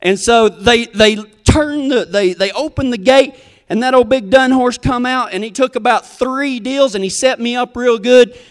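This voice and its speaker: A man's voice: very high-pitched, normal speed, big-room sound. A man telling a comic story in a folksy, rambling, self-deprecating way.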